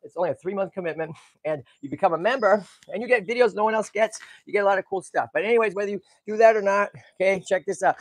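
Middle-aged man, chatty and excitable, fairly high voice, dry close sound. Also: no echo. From Boston area. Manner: chatty, excitable, talks to animals and viewers. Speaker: tortoise sanctuary host. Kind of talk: casual walk-and-talk vlog.

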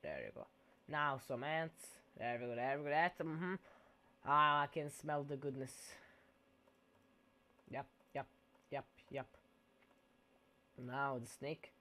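A man's voice: mid-range voice, lively intonation, takes it slowly, pauses often, sharp tone. A man giving casual gameplay commentary in a goofy, playful way, dropping mock-Italian exclamations.

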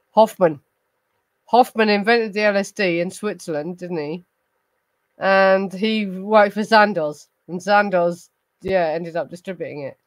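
A woman's voice: medium pitch, no room sound, poor audio. Tipsy, ranting woman. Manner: ranting, rambling and heavy swearing. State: tipsy from gin. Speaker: host of a true crime livestream. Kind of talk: casual livestream chat, responding to viewers.

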